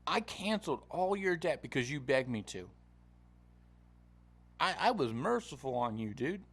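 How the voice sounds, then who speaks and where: A man's voice: fairly high pitch, big pitch swings, unhurried, voice pushed up, exaggerated voice. A man doing an exasperated slangy king. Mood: scolding. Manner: casual slang, calls servant dude.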